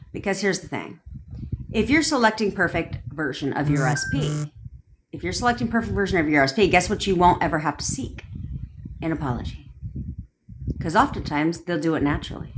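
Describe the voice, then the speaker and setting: A woman's voice: on the low side, background noise. A woman coaching on a livestream, blunt and profane, firing rhetorical questions at viewers. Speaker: manifestation coach. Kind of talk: livestream rant answering viewer comments. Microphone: phone livestream.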